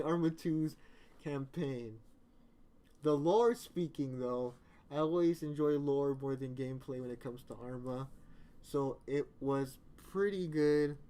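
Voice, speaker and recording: A man's voice: a little high, warm tone. A man chatting casually on a live stream, rambling and joking, often correcting himself mid-sentence.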